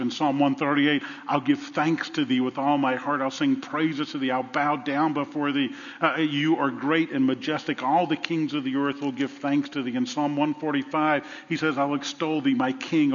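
A man preaching a sermon, animated, swinging between loud bursts and hushed asides. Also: medium pitch. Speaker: pastor. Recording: dull sound with long reverb.

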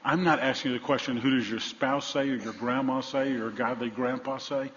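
A male pastor preaching a sermon, telling stories and swinging from loud emphasis to hushed tones. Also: medium pitch, fairly even intonation, a little fast, a little hiss or hum. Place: large church sanctuary. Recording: dull sound, long hall reverb.

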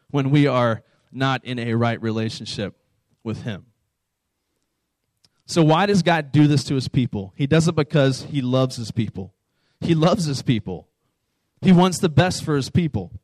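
A man's voice: on the high side, no room sound. Casual, chatty male preacher with a dry sound. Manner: conversational, informal, asks the audience questions. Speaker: preacher speaking to a youth camp audience. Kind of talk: sermon.

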